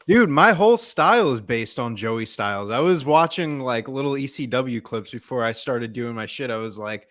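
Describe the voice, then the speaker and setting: A young man speaking at an ordinary mid pitch as a podcast guest. He tells stories in a modest, animated way, with plenty of fillers. His talk is loose and casual. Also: moderate pace, hardly any pauses. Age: young adult. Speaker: guest, amateur wrestling commentator. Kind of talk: casual chat.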